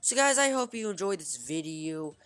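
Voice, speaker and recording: A woman's voice: low voice, very animated, moderate pace, a bit bright, soft background music. A woman giving casual, rambling gameplay commentary, restarting her sentences and calling out to "guys.". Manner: rambling, frequent restarts, keeps saying "guys". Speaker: gaming video creator. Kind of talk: casual let's-play commentary.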